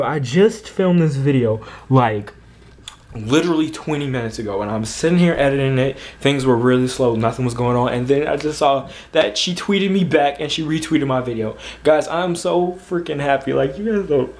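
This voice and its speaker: A man's voice: medium pitch, moderate pace, a little mellow. A man vlogging at home late at night, gushing and repeating himself as he talks straight to his viewers. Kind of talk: excited reaction vlog.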